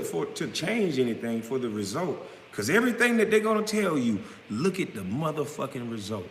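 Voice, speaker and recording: A man delivering a blunt, profane, confrontational rant straight to camera, now and then breaking into loud outbursts. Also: a little high. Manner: smoking hookah while talking. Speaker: vlogger responding to critics. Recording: roomy echo with long reverb, faint background noise.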